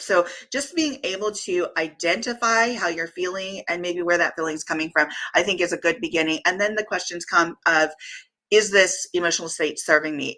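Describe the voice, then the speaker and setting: A woman's voice: fairly low pitch, pushed and bright, poor audio. A woman hosting a casual podcast conversation, reflective, reading out listener comments and asking questions. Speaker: podcast host.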